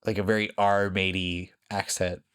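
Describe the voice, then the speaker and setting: A man's voice: low-pitched, level tone, unhurried, fairly bright tone, smooth. A man co-hosting a podcast in casual chat, rambling with lots of fillers and frequent laughs. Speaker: podcast co-host.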